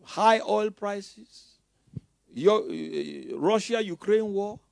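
Pastor, male, high and very lively voice, preaches with loud bursts and teasing asides, dry close sound. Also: extremely slow, vocal fry, dry recording. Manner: mocking asides. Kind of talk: sermon.

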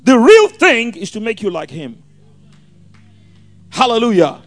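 A man preaching a sermon, swinging from hushed asides to shouted scripture quotes. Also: very high-pitched, huge pitch swings, measured pace, no room sound, soft background music.

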